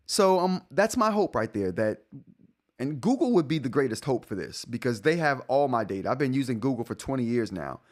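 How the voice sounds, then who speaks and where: A man's voice: medium pitch, big pitch swings, a little fast. Man, 40s, live stream host, casual rambling chat, self-correcting, laughs a lot. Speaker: tech show host.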